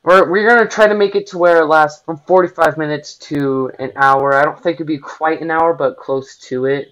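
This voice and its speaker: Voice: mid-range voice, fairly even intonation, moderate pace, fairly bright tone, low-quality recording. A young gamer giving casual gameplay commentary, giggling often and rambling with many fillers. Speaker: gaming video co-host.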